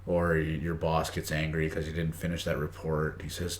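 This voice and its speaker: A man with a very deep, monotone voice, speaking at normal speed, gives a casual live-stream lesson on English idioms. He's chatty, greeting viewers by name and reading the chat aloud, in an echoey room.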